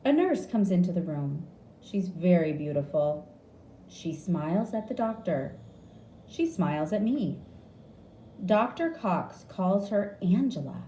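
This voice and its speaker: Woman narrator for learner audiobook: slow, lively, mellow tone, echoey room. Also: fairly low pitch, a little hiss or hum. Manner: slow, clear, expressive reading. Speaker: reader. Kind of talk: graded reader audiobook narration. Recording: echoey room with faint ambience.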